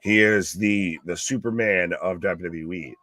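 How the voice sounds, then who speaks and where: A man with a fairly low voice, co-hosting a wrestling watch-along stream in loose, joking chat. His jabs come out sarcastic, and the sound is close and dry with no room around it. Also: measured pace, bright, forceful tone, no room sound. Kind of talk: casual chat.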